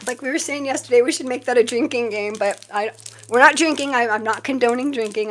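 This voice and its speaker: A woman's voice: on the high side, fairly quick, fairly bright tone. Chatty rambling woman tarot streamer. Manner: chatty and rambling, laughs often. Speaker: tarot reader live streamer. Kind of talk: casual live-stream chat.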